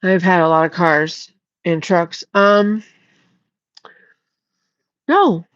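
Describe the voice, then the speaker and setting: A woman's voice: lowish voice, drawn-out words, no room sound. A woman hosting a casual livestream, reading chat aloud and scolding a viewer in a blunt way, swearing freely. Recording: slightly dull lo-fi audio.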